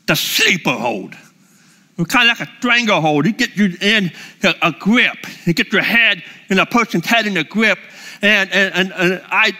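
A middle-aged man telling lively, enthusiastic personal stories to a live audience. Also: high voice. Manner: lively, enthusiastic, holds up props. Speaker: speaker addressing a live audience. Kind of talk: animated personal storytelling.

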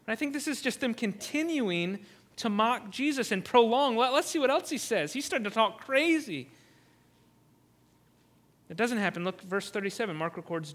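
Male pastor, high bright voice, earnest sermon delivery with frequent restarts. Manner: earnest, repeats words when restarting, rises to loud cries on emphasis.

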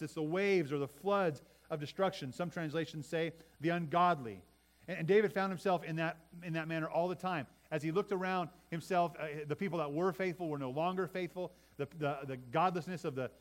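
A middle-aged pastor with a slightly high voice preaches a sermon to his congregation. He often repeats words and swings between loud and soft for emphasis.

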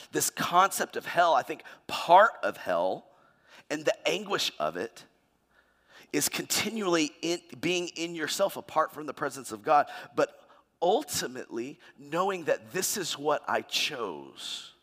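A man preaching a sermon, expressive and dramatic, acting out the voices he quotes with sudden swings in pitch and loudness. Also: measured pace. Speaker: pastor.

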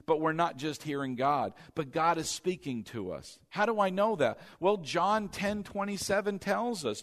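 A male pastor with a raised pitch and a fairly bright tone delivers a conversational sermon with call-and-response. A long hall reverb surrounds his voice.

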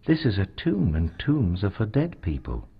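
A man's voice: fairly low pitch, wildly swooping pitch, normal speed, vocal fry, breathy edge, exaggerated voice. A man voicing a joyful, reassuring male angel in a storybook reading. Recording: dull lo-fi recording.

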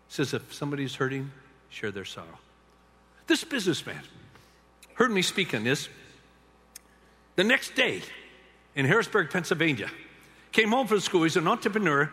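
An older man telling stories in a sermon to a large gathering of men, swinging between hushed tenderness and loud emphasis. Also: fairly high pitch. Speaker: speaker to a men's gathering. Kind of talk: sermon-style storytelling talk. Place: large arena or stadium. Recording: long hall reverb.

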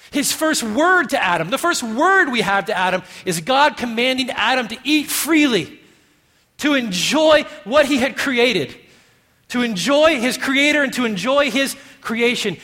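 A man preaching a sermon as pastor, emphatic, moving from quiet musing to loud stressed phrases. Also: extremely high pitch. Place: church sanctuary. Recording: long reverb of a church hall.

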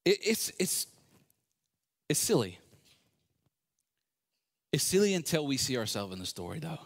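Animated, sarcastic male preacher. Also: fairly high pitch, measured pace, gravelly. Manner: animated, sarcastic storytelling with acted-out quotes. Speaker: pastor. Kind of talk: sermon.

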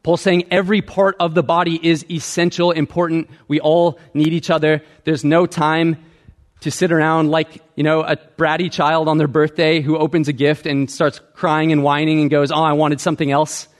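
Guy pastor giving a sermon, kinda high voice, earnest, keeps asking "right?". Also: little pitch movement, normal speed. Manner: earnest teaching with rhetorical "right?" checks.

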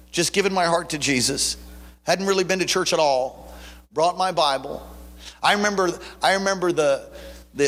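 A man whose voice is on the high side and a bit bright preaches a sermon built on personal testimony, his conversational storytelling swelling into fervent preaching. The long reverb of a large hall fills the recording.

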